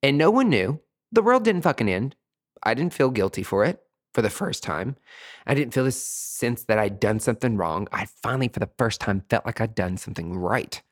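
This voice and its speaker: Man, podcast host, casual monologue, campy, chatty, profane, middle pitch. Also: sing-song, normal speed. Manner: campy, chatty, profane, calls listeners sweetie.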